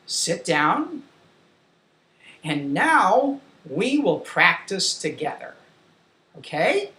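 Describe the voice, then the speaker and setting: A woman teaching a demo English lesson for young children, singing slowly and giving simple classroom instructions. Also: on the low side, big pitch swings, pushed and bright, roomy sound, slight background noise.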